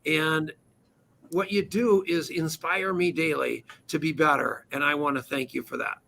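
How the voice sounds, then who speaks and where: A man's voice: fairly high pitch, fairly even intonation, unhurried, creaky, pushed and bright. A man hosting a talk radio show, introducing his guest with effusive, joking praise. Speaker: host.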